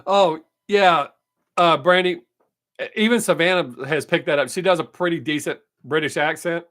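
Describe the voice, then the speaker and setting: A man hosting a casual live stream, talking straight to his viewers in a slightly higher voice. He answers their comments one by one in an easygoing way. He is quick to wave off people who only criticize. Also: fairly bright tone. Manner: dismissive of critics.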